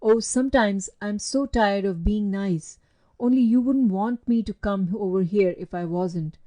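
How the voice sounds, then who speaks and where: A woman voicing a timid, gentle young boy who speaks softly and wistfully in a storybook reading. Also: mid-range voice, a little slow, natural voice. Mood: earnest. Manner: soft and wistful.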